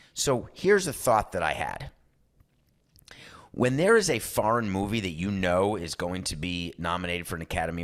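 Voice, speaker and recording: A man hosting a sports talk podcast, giving opinionated monologues and acting out quoted voices. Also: on the low side. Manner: animated, acts out quoted voices. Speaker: podcast host.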